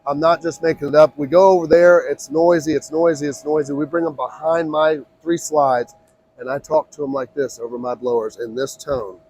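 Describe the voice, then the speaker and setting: A man who owns an inflatables business gives an energetic, repetitive sales pitch at a trade show booth with blowers running nearby. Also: moderate pace, husky, rough recording. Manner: pushy, energetic salesman, repeats himself. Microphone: mic on, recorded on a phone.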